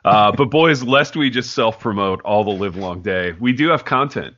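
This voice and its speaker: A man's voice: lowish voice, animated, moderate pace, a bit bright, highs cut off. A man hosting a casual podcast, bantering and teasing his co-hosts. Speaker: podcast host.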